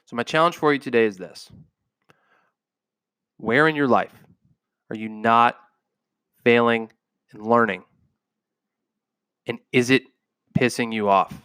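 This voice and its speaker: A man's voice: medium pitch, measured pace, long pauses, fairly bright tone, clean tone, no room sound, studio quality. A man hosting a podcast, delivering an intense motivational monologue into a microphone, emphatic and repeating phrases for punch. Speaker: podcast host.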